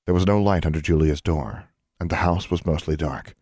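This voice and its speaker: A man narrates a fantasy audiobook in a steady, measured reading. His voice sits very low, and the sound is dry and close, with no room echo at all, as if recorded in a booth. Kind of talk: scripted storybook narration.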